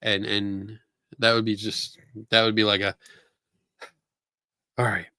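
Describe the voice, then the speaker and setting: With a stuffy nose and a Philadelphia accent, this podcast host speaks slowly in a flat, sharp voice on the low side. He hosts a casual livestream from a room at home, rambling and halting, tripping over restarts and laughing a lot. The recording is dry and studio quality.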